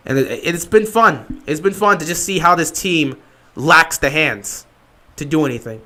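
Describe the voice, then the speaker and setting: A man hosting a fan livestream, talking over a live football game, repeating his points insistently and swinging between excited outbursts and flat, deflated stretches. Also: a little high, moderate pace. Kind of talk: live game watch-along commentary.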